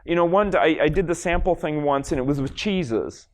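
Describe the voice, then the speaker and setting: A man's voice: on the high side, brisk. A man from Los Angeles giving a live stage presentation as a lecturer, casual and rambling, full of fillers and restarts. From Los Angeles, USA. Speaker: lecturer demonstrating a brain scan. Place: stage in front of an audience.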